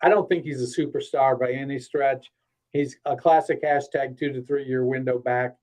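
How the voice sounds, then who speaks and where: A man's voice: mid-range voice, steady tone, normal speed, a little mellow, rough recording. Male guest analyst, blunt, salty, laid-back. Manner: blunt, salty and joking, with many fillers. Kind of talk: casual sports chat.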